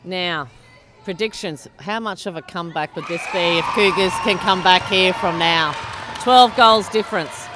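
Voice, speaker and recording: A woman's voice: fairly low pitch, moderate pace. An Australian woman commentating a netball final in a chatty, giggly way, rambling with many fillers. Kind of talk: live sports commentary. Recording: noisy sports hall commentary.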